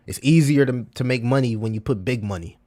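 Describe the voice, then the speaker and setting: A man's voice: medium pitch, fairly quick, dark tone. A man talking casually to his livestream chat, full of slang, repeating himself and calling listeners bro. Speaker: crypto livestreamer.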